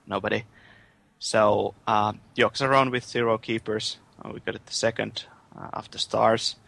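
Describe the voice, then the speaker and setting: A young man, a guest recounting things in a relaxed, matter-of-fact way. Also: on the low side, moderate pace, gravelly. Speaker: guest, guild raider.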